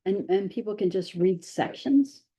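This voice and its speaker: Chatty woman with a mellow voice. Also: medium pitch, moderate pace. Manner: chatty, frequent "right?" asides, self-deprecating humor. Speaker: presenter and parent of a child with special needs. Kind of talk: presentation to parents.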